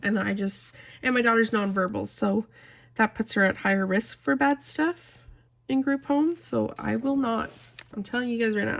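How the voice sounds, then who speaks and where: Gravelly-voiced woman chatting while coloring. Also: mid-range voice. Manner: rambling, heartfelt, talks straight to viewers. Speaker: coloring channel host. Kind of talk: casual chat while coloring.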